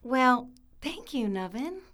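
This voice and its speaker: A woman's voice: high voice, very animated, slow pace, a bit bright, heavily acted. An actress playing a timid young female cosmetology student who is stuck helping in a kitchen and apologizes easily. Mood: sweet. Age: young adult. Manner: meek, apologetic, tearful under pressure.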